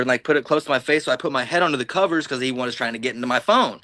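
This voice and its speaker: Man, casual storytelling, rambling and profane, mid pitch, dry close sound. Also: fast talker, sharp tone, dry recording. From Illinois-Iowa border, US. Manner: rambling, profane, acts out quoted dialogue. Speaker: podcast guest.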